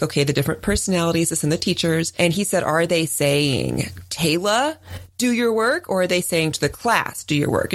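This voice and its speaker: A woman in her forties tells a personal story on a chat podcast. She talks in an easy, animated way and leaps much higher when she acts out what others said. Her voice is recorded close and dry, with no room sound. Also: no room sound. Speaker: podcast co-host. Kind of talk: casual chat.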